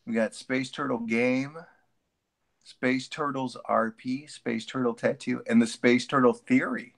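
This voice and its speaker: Gravelly male voice, casual jokey guest on a video call, mutters asides. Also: medium pitch, fairly even intonation, a little slow, dry recording. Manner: joking, rambling, mutters to himself. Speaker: guest artist.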